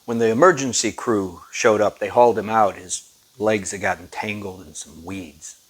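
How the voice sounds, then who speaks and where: A man performing a dramatic monologue, telling a story in a halting, subdued way. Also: lowish voice, husky.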